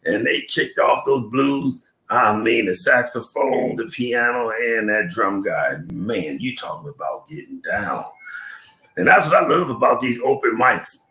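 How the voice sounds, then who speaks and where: An older man hosting a live stream, chatting in slang, telling a comic story and giving shout-outs to his viewers. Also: mid-range voice, expressive, unhurried, echoey room. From Buffalo, New York.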